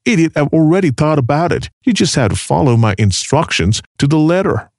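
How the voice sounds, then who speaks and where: A scheming teenage girl who leads her gang with cold, clipped commands. A man reading a dark story voices her without changing his own voice much. His delivery rises and falls, and the sound is close and dry. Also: a little high, expressive, fairly quick, dry recording. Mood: bossy.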